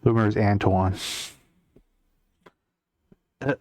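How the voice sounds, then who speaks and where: A man's voice: on the low side, slow, no room sound, dull audio. A young man casually chatting with his chat while drawing on a live stream, rambling and answering comments as he works. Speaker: art streamer.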